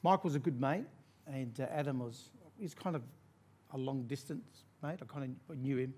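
An Australian man preaching a sermon, telling a personal story in an animated way and laughing through it. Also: medium pitch, moderate pace, a little hiss or hum.

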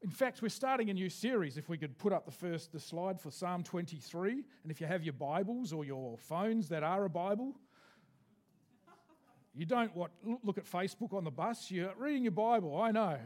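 High-voiced pastor preaching. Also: male voice, animated, darkish tone. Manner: preaching with congregation call-and-response, slowing for scripture. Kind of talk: sermon.

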